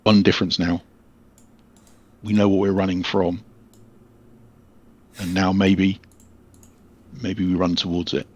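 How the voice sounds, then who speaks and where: A man's voice: low-pitched, flat delivery, slow, long pauses, dull audio. A man playing a weary, haunted male spellcaster who talks in a terse, brooding, fatalistic way.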